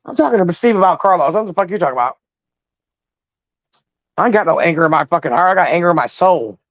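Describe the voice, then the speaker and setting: Profane, animated middle-aged woman caller. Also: fairly low pitch, quick pace, no room sound, dull audio. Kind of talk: casual chat.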